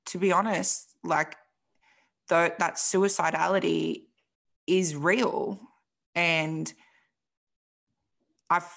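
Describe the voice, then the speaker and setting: A woman's voice: fairly low pitch, creaky, fairly bright tone. A young woman, a podcast guest telling her story frankly and emotionally, swearing and saying "like" a lot. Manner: emotional, frank, swears freely, says "like" often. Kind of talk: candid personal story in an interview.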